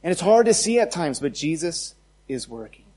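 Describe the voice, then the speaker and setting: A man's voice: on the high side, big pitch swings, normal speed, dark tone. A man preaching a sermon as pastor, building emphasis with repeated phrases.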